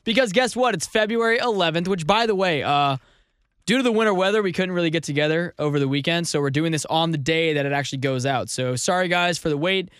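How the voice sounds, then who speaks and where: A man's voice: on the high side, quick pace, fairly bright tone, clear, resonant tone, dry recording, clean studio sound. A man co-hosting a casual comedy podcast, playful and fond of doing silly voices for bits. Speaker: podcast co-host.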